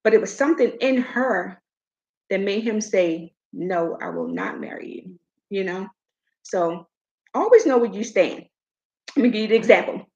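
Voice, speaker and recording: A middle-aged woman hosting a casual chat, telling a personal story in an animated way and acting out what others said. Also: mid-range voice, moderate pace, long pauses, muffled recording. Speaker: host.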